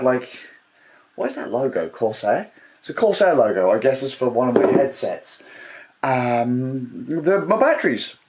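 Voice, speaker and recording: A man rambling casually and swearing as he laughs at himself over lost gear at home. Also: medium pitch. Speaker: livestreamer.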